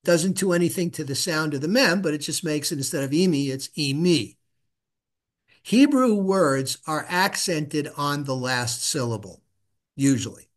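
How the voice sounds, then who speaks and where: A man giving a relaxed one-on-one Hebrew reading lesson, patiently sounding out syllables for his student to repeat. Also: a little high.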